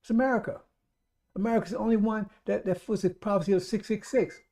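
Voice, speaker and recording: A fervent male radio preacher with a mellow, darker tone that sits a little higher than most men's. He repeats his points over and over and keeps calling out to his brothers and sisters, pushing toward loud exhortation. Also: steady tone, fast. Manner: addresses listeners as brothers and sisters. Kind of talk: streetwise radio sermon.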